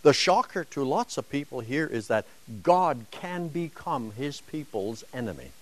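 A man's voice: mid-range voice, sing-song, measured pace. A man teaching a Bible lesson to a class, emphatic and dramatic, driving home points with rhetorical questions.

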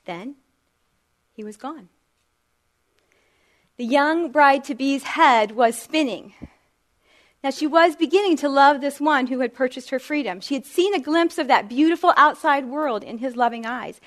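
Lady with a high voice reading a story, calm and measured. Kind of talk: storytelling narration.

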